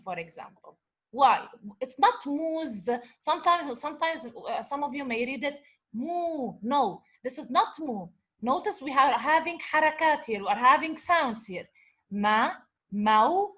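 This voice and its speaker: A woman's voice: high-pitched, bright, forceful tone. A woman teaching an Arabic revision lesson, patiently sounding out words syllable by syllable. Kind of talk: revision lecture.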